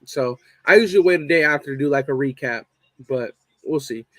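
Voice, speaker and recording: A man's voice: fairly high pitch, brisk, fairly bright tone, no room sound. A young man hosting a casual live fan stream, swearing a lot and repeating his points for emphasis. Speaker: fan show host reading live chat.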